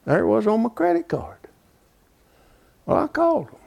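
A man in his seventies with a very high voice and vocal fry preaches at a normal speed. His storytelling sermon is folksy and grows steadily more animated until it turns loud.

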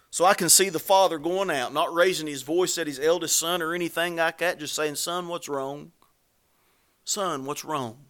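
A man preaching a sermon in a high, bright voice. He talks in a folksy, conversational way, full of asides and repeated phrases. When he acts out the scripture, he pushes his voice up. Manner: rises in pitch and volume when dramatizing scripture.

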